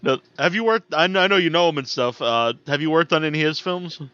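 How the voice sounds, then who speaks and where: A man from Massachusetts hosting a podcast, asking easygoing, halting questions in casual conversation. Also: fairly high pitch, animated, sharp tone, smooth, dry recording. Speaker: podcast host. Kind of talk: casual interview chat. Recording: dull, dry, lo-fi sound.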